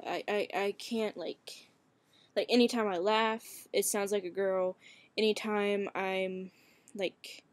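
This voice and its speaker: Young man, slow and hesitant webcam vlogger, cracking shaky voice, dry close sound. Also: high voice, dry recording. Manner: hesitant, many fillers, frequent swearing. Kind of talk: casual webcam vlog.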